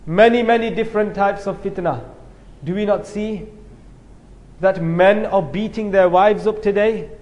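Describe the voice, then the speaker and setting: A man's voice: high voice, unhurried, darkish tone. A man preaching a sermon, telling a story with rising emphasis. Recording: long hall reverb.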